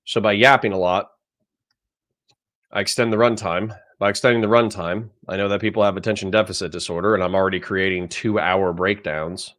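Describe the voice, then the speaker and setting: A man's voice: sits low, fairly even intonation, fairly quick, a bit bright. A man hosting a casual livestream, chatting in a rambling, self-deprecating way while still sleepy and yawning. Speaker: livestream host.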